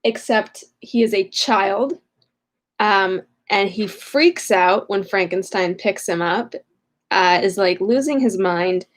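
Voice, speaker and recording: A woman's voice: medium pitch, slow. Chatty, scatterbrained young woman reading. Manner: chatty, scatterbrained, with frequent fillers. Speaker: reader of a novel. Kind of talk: casual chapter recap and reading aloud. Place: home room.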